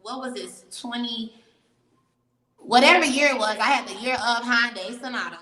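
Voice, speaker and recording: A woman telling a story as an interview guest, animated and profane, laughing often. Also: fairly high pitch, moderate pace, reverberant, in a large hall, low-quality recording. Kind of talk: casual storytelling.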